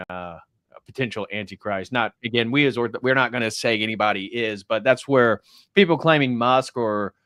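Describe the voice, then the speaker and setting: Guy hosting a stream, smooth voice, dry close sound, steady and reads out chat. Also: lowish voice, no room sound. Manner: steady, reads viewer messages aloud. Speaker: host of a religious stream. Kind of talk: livestream talk and reading donations.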